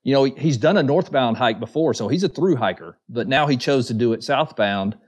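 A man's voice: medium pitch, expressive, fairly quick, a little mellow. A man from the Southern US with a Southern accent, a guest telling stories in easygoing casual chat, often saying man. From Southern US, north of Atlanta. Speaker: guest hiker.

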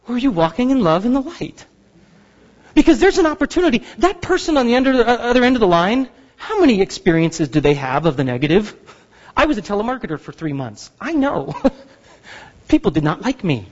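A man in his thirties preaching a sermon as pastor, telling stories with animated, playful outbursts. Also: very high voice. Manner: animated storytelling, acts out frustration with loud outbursts. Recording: dull sound with long hall reverb.

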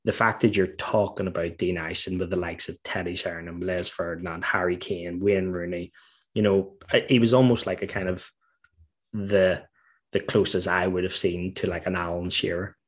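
Husky deep-voiced former footballer. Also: male voice, normal speed. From Northern Ireland. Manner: animated storytelling, laughs while recalling. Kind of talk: casual interview chat.

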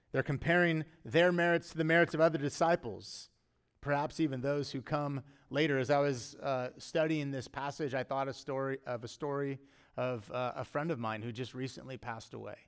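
A middle-aged male pastor delivers a sermon in an earnest, conversational way. His voice sits at an ordinary pitch, and he lifts it for emphasis before dropping back to a quiet, reflective tone. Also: moderate pace, smooth.

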